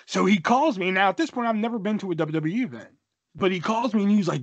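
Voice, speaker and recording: A young man co-hosting a podcast, telling a story in a casual, animated way, swearing and acting out the dialogue. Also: high voice, a little fast, no echo, lo-fi sound. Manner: animated, profane, acts out dialogue. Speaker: podcast co-host.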